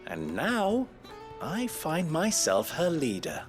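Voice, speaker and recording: A wry town leader who has just been handed the mayorship, his voice rising and falling a lot as he jokes about it. Game music hums softly under every line. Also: fairly high pitch, wildly swooping pitch, takes it slowly, heavily acted. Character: wry middle-aged male town leader, newly mayor. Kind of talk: video game voice acting.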